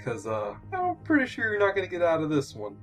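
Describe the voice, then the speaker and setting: A man's voice: a little high, wildly swooping pitch, fast talker, a bit bright, faint music behind, voice pushed up. A man voicing a burly, menacing man who taunts his beaten foe dryly. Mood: taunting. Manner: dry, taunting.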